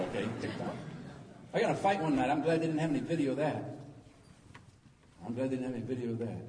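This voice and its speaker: A middle-aged man preaching a sermon, telling the story in a folksy, joking, animated way. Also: a little high. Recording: echoey hall, distant mic, faint noise.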